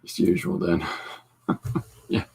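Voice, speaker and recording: A man's voice: unhurried, darkish tone. A man hosting a podcast, chatting casually while he draws, rambling with dry, self-deprecating humor. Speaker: podcast host and comic artist.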